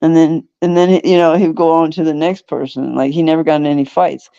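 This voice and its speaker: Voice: mid-range voice, fairly quick, gravelly. A laid-back podcast host tells stories in casual chat, laughing often and slipping into the voices of the people in them. The sound is dull and lo-fi. It is dry, with no room echo. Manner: animated storyteller who acts out quoted voices.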